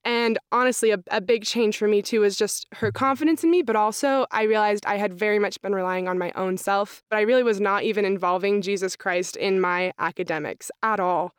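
A woman's voice: medium pitch, steady tone, fairly quick, hardly any pauses, smooth, no echo, clean studio sound. A young woman, an accounting student, telling her story in a casual interview, chatty with lots of "like" fillers. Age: young adult. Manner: chatty, frequent "like" fillers, reenacts own thoughts.

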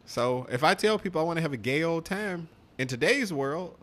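A man's voice: a little high, lively intonation, moderate pace. A young man co-hosting a podcast, rambling in a loose, profane casual chat full of "like" and "man". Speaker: podcast co-host.

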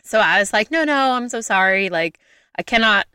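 A young woman telling a travel story in a casual chat, lively and full of "like" fillers. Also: mid-range voice, moderate pace, clear, resonant tone, no room sound, studio quality. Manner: lively, chatty, frequent "like" fillers.

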